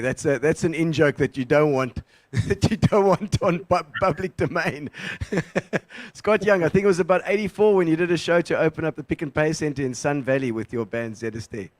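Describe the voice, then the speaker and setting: Guy hosting a chat show, chatty, keeps the questions coming, slightly high voice. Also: moderate pace, no echo. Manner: chatty, laughs along, prompting questions. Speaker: show host. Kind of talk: casual interview chat.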